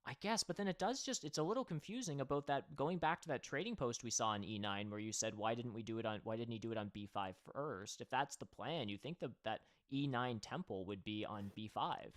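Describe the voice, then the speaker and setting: A man's voice: medium pitch, a little fast, few pauses. A man hosting a livestream and commenting casually on a board game match. He thinks aloud and talks straight to his viewers.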